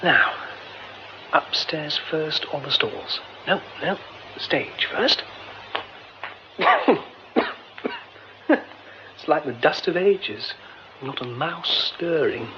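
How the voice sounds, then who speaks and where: An actor playing a flustered young theatre director, muttering to himself in a radio drama. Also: male voice, on the high side, very animated, drawn-out words, long pauses, dull audio, background noise, heavily acted. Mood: musing. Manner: muttering to himself, then panicked.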